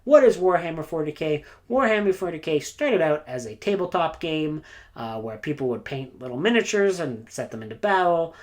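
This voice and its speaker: A woman's voice: sits low, lively intonation, moderate pace. A woman reviewing books in a casual, rambling monologue, enthusiastic and full of "like" and "uh". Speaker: book reviewer.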